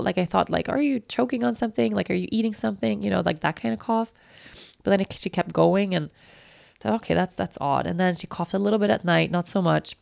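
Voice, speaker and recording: A woman's voice: fairly low pitch, vocal fry, no room sound. A woman in her thirties hosting a personal podcast, talking candidly and emotionally with many fillers, close to tears. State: near tears. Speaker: podcast host.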